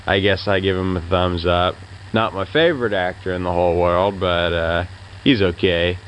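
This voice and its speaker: A deep-voiced man talks through his movie opinions in a loose, rambling way, stopping often for fillers. His verdicts are offhand and laid-back. A faint hiss of noise sits under the recording. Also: steady tone, moderate pace, low-quality recording. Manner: rambling, hesitant, lots of fillers. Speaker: film reviewer. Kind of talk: casual spoken reviews.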